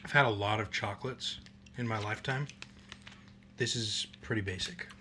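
A man's voice: lowish voice, background noise. A young man co-hosting a snack tasting, playful and teasing in casual chat. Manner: playful, teasing, quick to laugh. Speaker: co-host of a snack tasting show.

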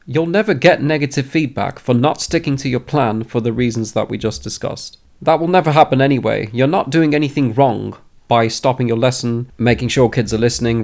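A man's voice: medium pitch, creaky, darkish tone. A man who is an experienced teacher giving direct advice to new teachers. He speaks emphatically and often restates his key points. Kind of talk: direct advice talk to camera.

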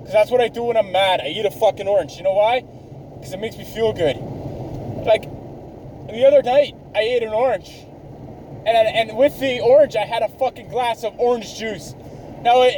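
A man's voice: high-pitched, moderate pace, darkish tone, slight background noise, rough recording. Swearing, ranting man in his thirties. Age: 30s. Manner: ranting, swears constantly, self-mocking. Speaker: podcast host. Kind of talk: profane rambling monologue.

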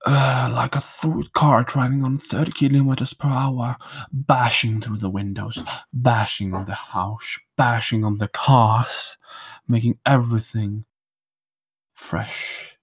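A man's voice: medium pitch, fairly even intonation, takes it slowly, husky. A man hosting a podcast, talking in a playful, mock-romantic and theatrical way. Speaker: podcast co-host. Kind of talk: joking podcast monologue. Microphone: studio microphone.

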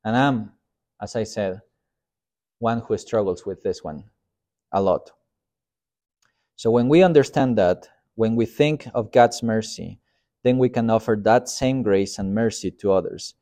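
A man's voice: lowish voice, a little slow, long pauses, warm tone. A man, a pastor, giving a casual Sunday school sermon in a conversational, self-deprecating way. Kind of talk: informal sermon.

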